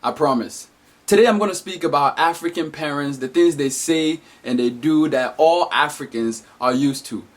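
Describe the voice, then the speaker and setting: A man delivering an animated, emphatic comedic monologue as a vlogger. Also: a little high.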